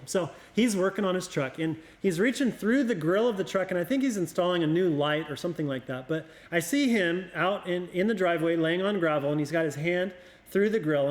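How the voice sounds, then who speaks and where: In easygoing conversation, a middle-aged youth pastor from Oregon recalls memories of his father, his voice slightly high. He is reflective and halting, frequently doubling words while searching for them, and becomes a little emotional as he tells the stories.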